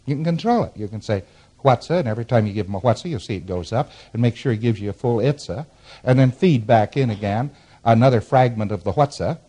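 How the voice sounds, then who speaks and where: A male instructor talks fast in a fairly low, mellow voice during a classroom lecture. Every so often he chuckles, and he explains by going over board diagrams and acting out short examples.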